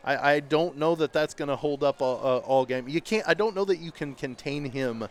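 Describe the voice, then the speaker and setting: A man doing play-by-play commentary for a local high school football radio broadcast, chatty and rising with excitement on big plays. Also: moderate pace. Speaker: play-by-play announcer. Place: outdoor stadium broadcast booth.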